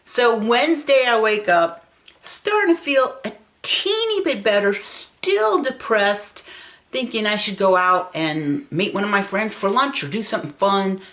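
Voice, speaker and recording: A woman's voice: medium pitch, very animated, unhurried, fairly bright tone. A woman in her sixties telling a personal story in a chatty vlog, laughing often as she talks. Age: 60s. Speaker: vlogger.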